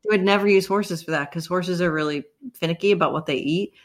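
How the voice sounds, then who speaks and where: A woman with a somewhat low voice, chatting casually as a co-host. She shares bits from her research and trades jokes. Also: fast talker. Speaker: podcast co-host. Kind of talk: casual chat.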